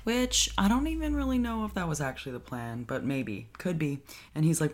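A speaker casually recapping a horror film, excitable and full of fillers and swearing. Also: medium pitch, fairly quick, hardly any pauses. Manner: excitable, heavy use of "like", swears. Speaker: horror movie reviewer.

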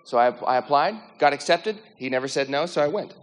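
A man telling a personal faith testimony in a lively, animated way, acting out the dialogue and using lots of filler words. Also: fairly high pitch, brisk, a little hiss or hum. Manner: lively, acts out quoted dialogue, many "like" fillers. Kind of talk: animated storytelling. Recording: long hall reverb.

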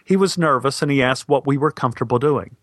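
A middle-aged male actor telling a story in a wry, deadpan way. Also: mid-range voice, quick pace, dry recording. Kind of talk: storytelling monologue.

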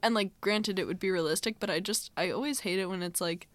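A young woman co-hosts a casual podcast. She talks at an easy, middling pitch and retells TV scenes with frequent laughs and "like" fillers. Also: fast talker. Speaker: podcast co-host. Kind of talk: casual chat recapping a TV show.

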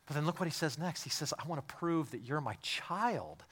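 High-voiced man preaching emphatically. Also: sing-song, a little fast, few pauses, husky. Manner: emphatic preaching, swings from hushed to loud; repeats and restarts phrases for emphasis. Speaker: pastor. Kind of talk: sermon.

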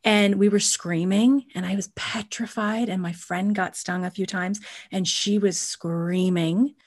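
A woman's voice: medium pitch, fairly even intonation, unhurried, darkish tone. A woman co-hosting a podcast, speaking in an earnest, explanatory way in casual conversation. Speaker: podcast co-host. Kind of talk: casual chat.

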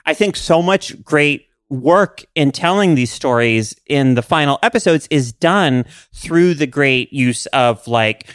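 A man talking casually on a podcast, halting, with many restarts and fillers. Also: on the high side, animated, a bit bright, clean tone, no room sound, clean studio sound.

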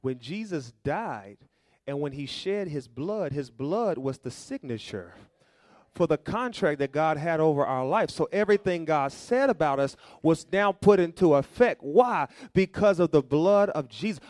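A pastor delivers his sermon in a folksy, storytelling way. He keeps throwing questions out to the congregation for them to answer. His voice sits a little high for a man and sounds dry, with no room echo. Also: expressive, measured pace, darkish tone. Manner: call-and-response preaching, asking the congregation to fill in words.

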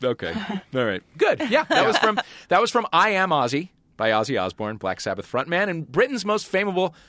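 A man hosts a comedy quiz podcast with wry, joking banter. His pitch swoops and bounces as he talks. The sound is close and dry, with no room around it. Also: fairly quick, dry recording. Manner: wry, joking, lively delivery. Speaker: quiz host.

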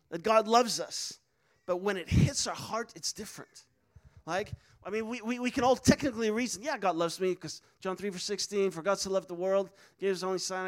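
A man preaching a sermon, telling a personal story earnestly with many fillers and restarts. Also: high voice. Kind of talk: sermon testimony.

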